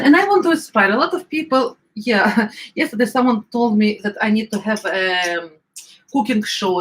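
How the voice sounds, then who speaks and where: A middle-aged woman with an Eastern European accent, chatting casually as she cooks, often searching for words and filling pauses. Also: medium pitch, a bit bright, poor audio. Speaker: home cook. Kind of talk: casual cooking vlog chat.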